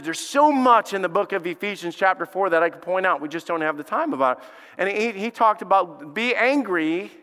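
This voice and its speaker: Man, pastor, sermon, high clear voice, animated storyteller, reverberant church hall. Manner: animated storytelling, acts out quotes. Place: church sanctuary.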